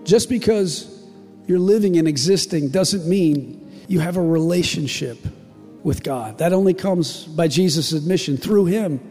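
A man preaching a sermon as pastor, impassioned and emotional, swinging from loud declarations to hushed lines. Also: on the high side, a little slow, big-room sound, soft background music. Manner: impassioned, rising to shouts and dropping to near-whispers. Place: church.

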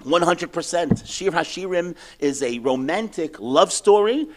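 A man teaching a Torah class, lively, asking questions and answering them himself. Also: on the high side, unhurried. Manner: animated, asks and answers his own questions.

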